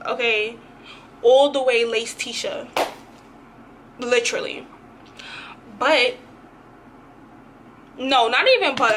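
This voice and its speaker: Animated young woman telling a story. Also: a little high, a little hiss or hum. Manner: animated, slangy, dramatic retelling. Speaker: vlogger. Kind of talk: casual storytime.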